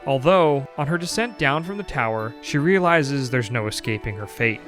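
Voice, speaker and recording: A man's voice: mid-range voice, animated, normal speed, a bit bright, soft background music. A man narrating a video game playthrough as host in a scripted voice-over.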